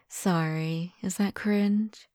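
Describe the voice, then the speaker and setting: In a whispered role-play, a young woman plays an obsessive and devoted young lover. She speaks softly and intimately in a slow, mellow half-whisper. The recording is close and dry. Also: medium pitch, no echo. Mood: teasing.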